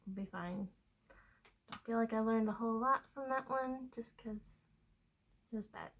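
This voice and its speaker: Chatty woman with a fairly high voice. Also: normal speed, fairly bright tone, rough recording. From Kentucky. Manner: chatty, rambling, with fillers and laughs. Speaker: knitting podcaster. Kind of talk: casual chat.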